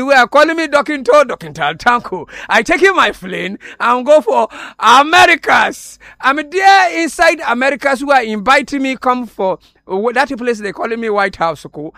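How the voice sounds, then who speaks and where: A man plays a boastful self-styled international correspondent who rambles in Ghanaian Pidgin English and keeps breaking into giggles. The voice is pitched very high and bright, and it sits dry and close on the studio mic. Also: no echo, exaggerated voice. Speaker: comic radio presenter. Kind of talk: comedy skit. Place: radio studio.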